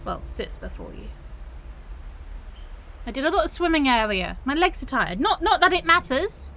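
A high, bouncy voice swooping all over the place: a woman doing a young female otter-girl supervillain, prickly and defensive. She splutters indignant protests and stumbles over her own denials, talking straight to the listener in an audio role-play. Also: sing-song, fairly quick, bright, forceful tone, slight background noise, heavily acted, rough recording. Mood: flustered denial. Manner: indignant, flustered, protests too much and stumbles over words.

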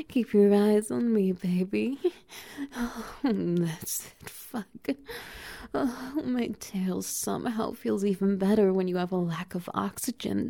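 With a full character voice in the mid range, a woman portrays a tailed, cat-like creature who dominates and teases. The role-play is whispered, slow, and breathy, punctuated by frequent soft laughs.

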